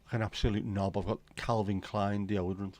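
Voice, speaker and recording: This host's voice is lowish and a little mellow, delivered flatly and a bit fast. He rambles through a casual livestream, joking with viewers, reading their comments, and swearing casually.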